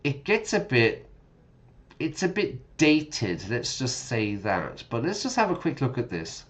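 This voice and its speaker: A man's voice: mid-range voice, big pitch swings, a little slow. A man teaching English while streaming a game, chatting casually, correcting himself and explaining words as he goes.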